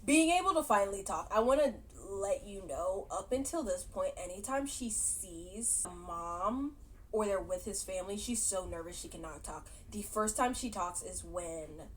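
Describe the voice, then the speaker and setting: A woman's voice: medium pitch, fairly bright tone, slight background noise, low-quality recording. A woman casually recapping a movie she watched, chatty and laughing often, with many fillers. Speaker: movie reaction vlogger.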